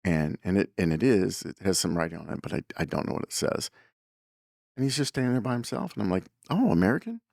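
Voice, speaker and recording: A man's voice: sits low, expressive, quick pace, vocal fry, a little mellow, no echo, clean studio sound. A man hosting a show, telling a story in a casual, rambling way, with lots of fillers and self-corrections. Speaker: podcast host.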